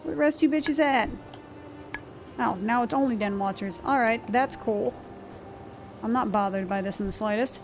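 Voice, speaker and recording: Woman streamer, higher-pitched, chatty and profane while she plays, music under her voice. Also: normal speed, long pauses. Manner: chatty, profane, talks to the game's monsters. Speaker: game streamer. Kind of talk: casual gameplay commentary. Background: game music.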